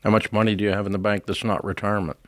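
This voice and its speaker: Male radio host, low register, dry studio sound; blunt, emphatic, folksy. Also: flat delivery, very fast, no echo. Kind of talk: casual call-in advice talk.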